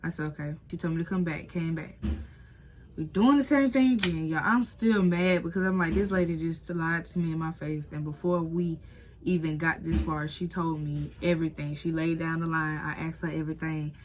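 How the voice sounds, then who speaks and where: Lowish young woman telling a storytime. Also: a little fast, a little hiss or hum. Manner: animated, addresses viewers as y'all, acts out quotes. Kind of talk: casual storytime vlog.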